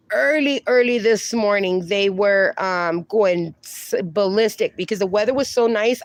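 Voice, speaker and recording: A woman hosts a relaxed phone livestream from her yard, drawling slowly and dotingly as she greets viewers and baby-talks her dogs. The sound is dry and close, with no room echo. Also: mid-range voice. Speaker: livestream host. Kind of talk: casual livestream chat.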